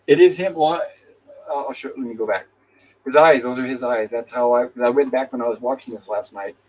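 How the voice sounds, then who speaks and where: A man's voice: mid-range voice, a little fast, a little mellow, slight background noise, low-quality recording. Male host of a casual live movie review panel, mid-range voice, recounts scenes and quotes dialogue. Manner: retells the plot by reading out characters' lines; conversational, with restarts.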